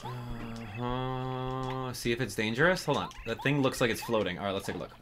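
A man giving casual, excitable gameplay commentary, thinking aloud as he plays. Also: lowish voice, very fast, music in the background.

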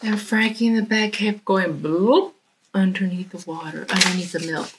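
A woman's voice: on the low side, moderate pace, noisy background. A woman telling a children's story in a church, speaking expressively and dropping to a whisper for suspense.

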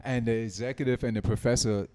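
A man's voice: mid-range voice, fairly even intonation, quick pace, a little mellow. A middle-aged man from North Carolina, a film writer and producer, telling stories in a casual podcast interview and acting out quoted dialogue. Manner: storytelling, acts out quoted dialogue.

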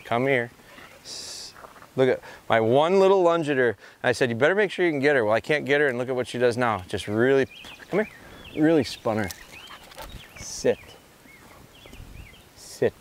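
A man of middle pitch works with a young dog in an open rural field, talking the viewer through each step in a calm, even way. He breaks off for short commands and praise, and the outdoor noise and animal sounds of the countryside stay behind him. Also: moderate pace, pauses often. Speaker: dog trainer. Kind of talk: outdoor training commentary.

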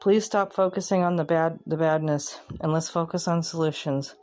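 A woman vlogger giving candid, plainspoken commentary, pausing and restarting as she thinks. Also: low-pitched, fairly even intonation, darkish tone, soft background music. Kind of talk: casual reflective commentary.

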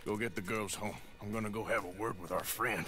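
An actor playing a gruff western outlaw hero in a video game, speaking in a terse, low drawl. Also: male voice, fairly even intonation, fairly quick, over music, natural voice.

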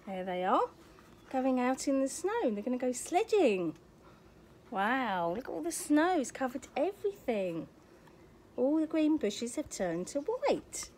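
An older woman reading a children's picture book aloud, pausing to point at pictures and ask the child questions. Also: sits high, big pitch swings, darkish tone, a little hiss or hum. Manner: asks the young listener questions, points at pictures. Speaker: storyteller.

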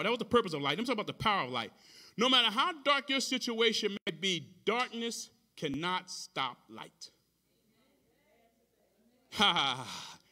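A male pastor with a very high, bright and sharp voice preaches a sermon with driving rhythm. He repeats his phrases, stretches key words out slowly, and calls back to the congregation as he goes. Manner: preaching with call-and-response to the congregation.

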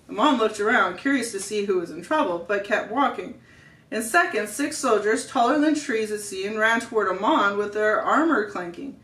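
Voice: mid-range voice, moderate pace, bright, forceful tone, roomy sound, distant mic, poor audio. A family member reading a story aloud, with small slips and self-corrections.

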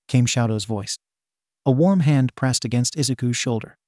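A man's voice: medium pitch, normal speed, a little mellow, dry recording. Man narrating fan fiction, dry voice. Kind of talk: reading fan fiction aloud.

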